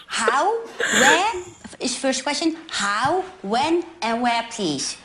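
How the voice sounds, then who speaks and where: A woman's voice: sits high, sing-song, takes it slowly, a bit bright, slight background noise, full character voice. A woman playing a naive, bubbly female interviewer from Japan in a comic TV sketch, speaking broken English and willfully misunderstanding her guest. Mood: deadpan.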